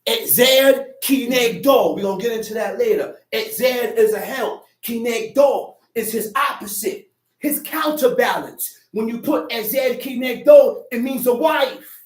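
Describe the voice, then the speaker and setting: Unhurried and conversational with a streetwise edge, a strikingly high-voiced man teaches a small Sabbath group, erupting into emphatic shouted bursts. He's captured from a distance in a very echoey room.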